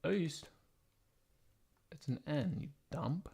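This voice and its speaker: A man livestreaming, reading old letters aloud in a plain, halting way, breaking off for blunt, profane joking asides. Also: a little high, creaky, a little mellow, slight background noise. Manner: plain, halting read-aloud delivery, stumbling and restarting over odd wording.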